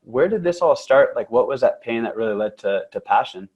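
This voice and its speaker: A man's voice: mid-range voice, expressive, fairly quick, darkish tone, slightly rough, lo-fi sound. Enthusiastic male podcast host. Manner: admiring, enthusiastic questioner. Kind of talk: interview questions.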